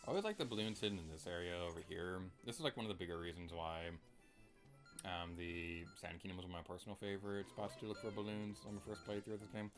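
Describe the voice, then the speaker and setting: A man's voice: deep voice, steady tone, quick pace, over music. A young man chatting casually and playfully while streaming a video game, humming and singing along now and then. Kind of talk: casual gameplay commentary.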